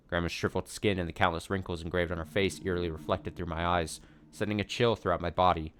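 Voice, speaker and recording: A man reading a visual novel aloud for a let's play, with steady, earnest narration. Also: sits low, fast, soft background music.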